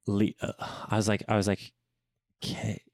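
A man's voice: on the low side, monotone, moderate pace, no echo. A man in his thirties co-hosting a podcast as an expectant father, chatting in a jokey, goofy way. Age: 30s. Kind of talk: casual chat.

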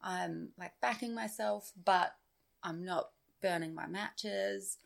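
Animated woman with a gravelly edge. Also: medium pitch, slow. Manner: animated, with frequent filler "like". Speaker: podcast guest. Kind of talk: casual storytelling chat.

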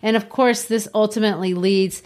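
A woman's voice: medium pitch, fairly even intonation, brisk, darkish tone. Chatty woman discussing a book. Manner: chatty, with frequent laughs. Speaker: podcast co-host.

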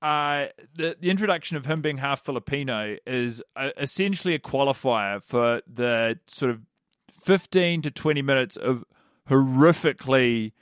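A man's voice: mid-range voice, normal speed, fairly bright tone, clean tone, dry recording, studio quality. Rambling man on a comedy podcast. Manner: rambling, lots of filler likes. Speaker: podcast co-host. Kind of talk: casual comedy review chat.

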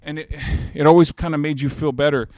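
A man's voice: a little high, fairly even intonation, quick pace, dry recording, clean studio sound. A man in his thirties telling an emotional personal story in an earnest, reflective way, rambling with many restarts and growing more emphatic as he makes his points. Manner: grows louder and more emphatic when making a point.

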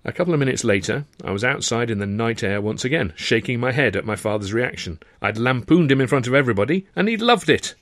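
A man narrating his own comic novel with wry, understated timing. His voice is mid-pitched and even. The close studio mic leaves it completely dry, with no trace of the room. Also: fast, few pauses, no echo. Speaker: narrator, author. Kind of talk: audiobook narration.

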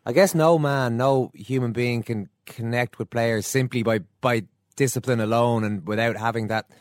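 Male podcast host, mid-pitched, dry close mic, measured questions. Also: no room sound. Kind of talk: interview questions.

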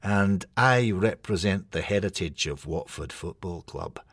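A man's voice: deep voice, expressive, measured pace, a bit bright, no room sound, clean studio sound, full character voice. A man doing a pompous old-fashioned toy footballer. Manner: formal, polite, pompous. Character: prim old-fashioned male table-football figure.

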